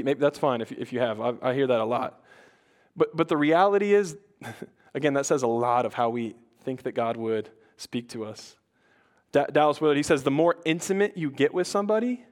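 A man's voice: medium pitch, lively intonation, moderate pace. A young man preaching a conversational sermon, casual and chatty, often restarting his sentences and saying "like". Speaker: pastor.

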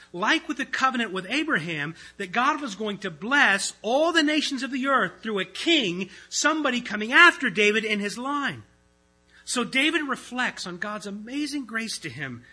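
A man, a pastor, preaching an earnest, conversational sermon that swings between loud stretches and hushed ones. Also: high-pitched, husky, poor audio. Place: church.

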